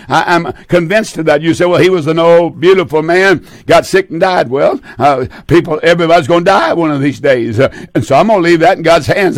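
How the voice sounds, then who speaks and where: Older guy preaching hard, begging folks, voice a bit high, dry close sound. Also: no echo. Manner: fervent pleading, repeats phrases, trails off low at line ends. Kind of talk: sermon. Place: seated indoors.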